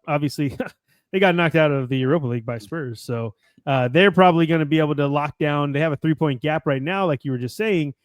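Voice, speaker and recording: A man's voice: a little high, dry recording, clean studio sound. An American man co-hosting a casual soccer podcast, chatty and rambling, laughing often. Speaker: podcast co-host.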